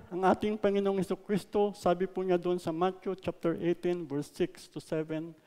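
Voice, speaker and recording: A man with a Filipino accent preaching a sermon, mixing English and Tagalog, stressing words loudly and then letting lines trail off softly. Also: high voice, little pitch movement, brisk, hardly any pauses, big-room sound. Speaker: pastor. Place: church hall.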